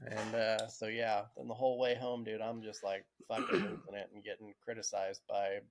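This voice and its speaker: A man's voice: on the low side, normal speed. A man, a podcast co-host telling stories casually, laughing through them and swearing freely. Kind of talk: casual storytelling.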